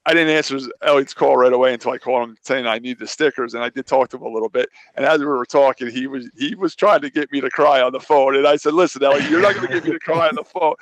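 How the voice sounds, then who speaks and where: A man's voice: medium pitch, fairly even intonation, fast talker, hardly any pauses, no room sound, lo-fi sound. A man telling a long, rambling story in a casual podcast chat, often restarting his sentences and replaying what others said to him. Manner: rambling, self-interrupting, recounts his own conversations. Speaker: local racer, regular guest.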